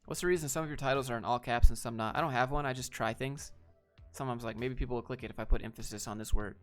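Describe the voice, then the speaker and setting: A man's voice: mid-range voice, fairly even intonation, quick pace, fairly bright tone, clean tone, faint music behind. A young man on a livestream who reads viewer questions aloud and answers them bluntly in a laid-back, casual way. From Georgia, US. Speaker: streamer answering chat.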